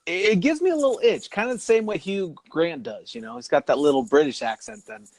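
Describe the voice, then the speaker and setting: Animated man laughing through a podcast chat. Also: a little high, quick pace, no echo. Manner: animated, laughs often, rambling. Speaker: podcast co-host. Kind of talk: casual chat.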